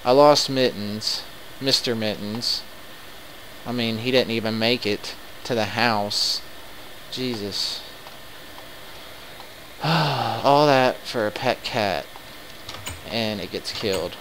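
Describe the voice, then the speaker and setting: A man commenting live on his game, excitable and quick to swear in frustrated outbursts. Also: lowish voice, a little hiss or hum, rough recording. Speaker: let's play gamer.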